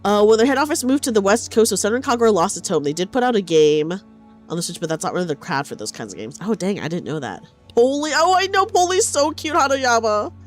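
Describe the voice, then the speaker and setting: Woman streamer, lively pitch swings, chatty, reading chat, soft game music behind. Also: quick pace. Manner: animated, chatty, reads chat aloud. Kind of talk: casual game stream commentary.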